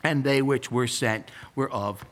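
A man preaching a sermon, swinging between emphatic rises and hushed drops. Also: mid-range voice, measured pace. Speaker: pastor.

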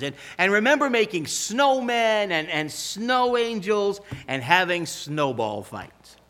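An older man preaching a sermon, telling stories with emphatic, animated delivery. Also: sits high. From Pacific Northwest US. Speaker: pastor.

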